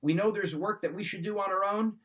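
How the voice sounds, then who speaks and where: A man's voice: high-pitched, fairly quick, fairly bright tone. A middle-aged man coaching listeners in an emphatic, direct motivational talk. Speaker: wrestling mindset coach.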